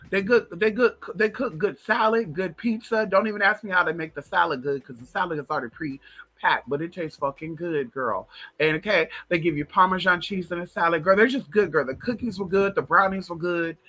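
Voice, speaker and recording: In a high, slightly fast voice that sounds pushed and bright, a man who vlogs about spirituality chats casually to viewers, swearing, being sassy and calling them "girl." His voice is a little strained and still on the mend.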